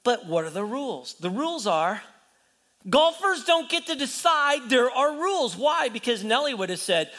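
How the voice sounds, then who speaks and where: Animated high-voiced male pastor preaching. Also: moderate pace, in a large hall. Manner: animated storytelling, acting out quoted voices, rhetorical questions. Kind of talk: sermon.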